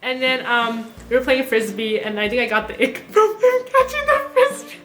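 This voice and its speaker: Young woman guest, high-pitched and bright, animated chatty storyteller, roomy sound. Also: moderate pace, faint music behind. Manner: animated storytelling, giggly, lots of fillers. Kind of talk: casual chat.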